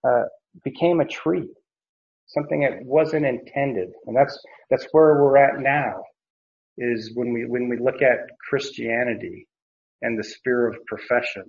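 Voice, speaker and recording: A man teaching a sermon through Bible passages in a measured, hesitant way, pausing often on fillers. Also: medium pitch, creaky, lo-fi sound.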